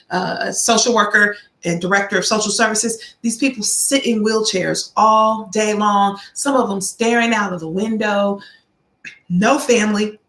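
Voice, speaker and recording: Woman vlog host, middle-aged, gravelly, sermon-like storyteller, roomy sound. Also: medium pitch, bright, forceful tone. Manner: preachy, storytelling, repeats key phrases for emphasis. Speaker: vlog host giving life advice. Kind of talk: casual motivational talk to viewers. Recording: roomy echo.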